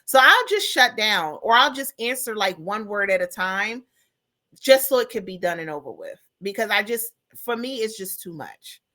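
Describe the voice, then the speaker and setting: At a normal speed and mid-range pitch, a middle-aged woman tells animated stories while co-hosting a casual podcast, performing the voices of the callers and people involved.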